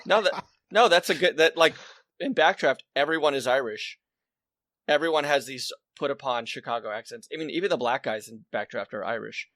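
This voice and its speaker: Joking podcast host, dry close sound. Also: male voice, mid-range voice, brisk, a bit bright, dry recording. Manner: joking, teasing. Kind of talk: casual chat.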